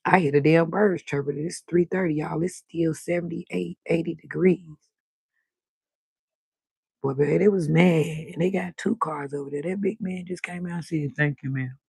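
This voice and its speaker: Gravelly, husky woman chatting late at night. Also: fairly low pitch, normal speed, no room sound. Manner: loud, animated, cusses freely. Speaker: livestream host. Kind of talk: late-night livestream chat. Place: balcony outdoors at night.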